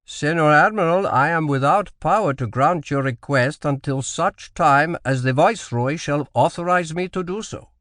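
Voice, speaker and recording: A man's voice: a little high, moderate pace, hardly any pauses, fairly bright tone, no echo, clean studio sound, pitched above the performer's own voice, close to an everyday voice. A man voicing a formal, unyielding Portuguese colonial governor, speaking with a strong Portuguese accent in an audiobook. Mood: regretful refusal. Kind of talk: audiobook character voice.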